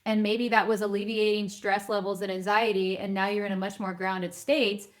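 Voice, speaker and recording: A woman guest on a podcast, an advisor, explaining her views in an earnest, measured way. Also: mid-range voice, level tone. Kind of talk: interview answers.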